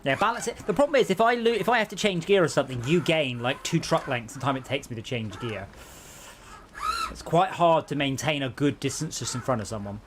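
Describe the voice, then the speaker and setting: Male streamer, casual gaming chat, joking and self-deprecating, very lively pitch. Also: a little fast, a little hiss or hum. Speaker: streamer playing co-op driving game.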